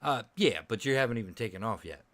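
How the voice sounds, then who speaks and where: Bright voiced guy gm-ing a tabletop game, chatty, dry close sound. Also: mid-range voice, expressive, fast talker, no echo. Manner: laughs often, loose and chatty. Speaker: game master.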